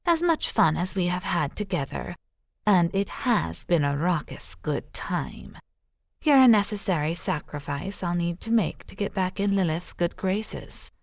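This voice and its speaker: A woman voicing a vengeful, cruel sorceress who mocks in a slow, drawn-out way. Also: fairly low pitch, big pitch swings, vocal fry, no room sound, clean studio sound, heavily acted. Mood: mocking. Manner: slow, mocking, drawn-out delivery.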